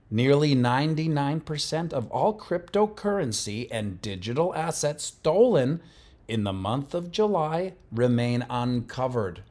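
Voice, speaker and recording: A man doing an impression of a hyped male crypto news presenter, reading headlines in a loud, drawn-out announcer way. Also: on the high side, pitched above the performer's own voice.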